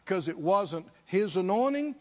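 Man, preacher, sermon; high voice, slow deliberate pace, call-and-response style, lo-fi recording. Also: sing-song, darkish tone. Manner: rhythmic repetition, rhetorical questions, call-and-response with congregation.

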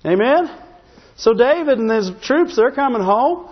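A man's voice: very high voice, lively intonation, unhurried. A man preaching a sermon in a church, telling a Bible story with humor and checking in with the congregation by asking "Amen?" again and again. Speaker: pastor. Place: church sanctuary. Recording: long hall reverb, dull sound.

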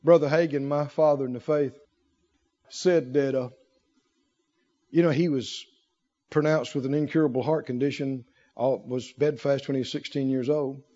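A man preaching a sermon in an animated way, firing rhetorical questions and breaking into laughter. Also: medium pitch, moderate pace, long pauses. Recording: dull lo-fi recording.

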